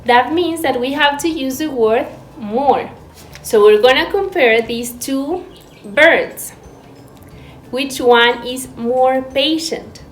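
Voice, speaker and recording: Slow-woman teaching English. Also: high-pitched. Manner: slow, clear, syllable-by-syllable explanations. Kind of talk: recorded online class. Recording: echoey room with faint background noise.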